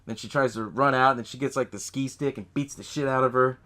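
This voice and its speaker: A man hosting a podcast, casually recapping a horror movie in a profane, animated way, laughing often and acting out the characters' lines. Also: medium pitch, fast talker. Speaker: podcast host.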